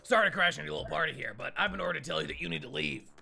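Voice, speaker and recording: A man putting on the voice of a loud gruff man ordering people to leave a party. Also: fairly high pitch, expressive, voice pushed down. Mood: bossy. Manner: shouted rapid ranting delivery.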